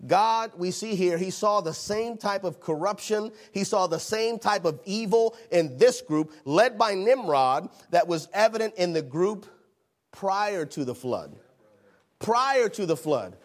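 A man preaching a sermon, animated, repeating phrases and acting out the voices in the scripture he reads. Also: high-pitched, a little slow.

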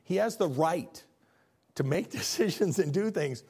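A man preaching a sermon as pastor, in a lively, conversational way, acting out the people he quotes. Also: fairly high pitch, unhurried, breathy edge. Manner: animated, conversational preaching that acts out quoted figures.

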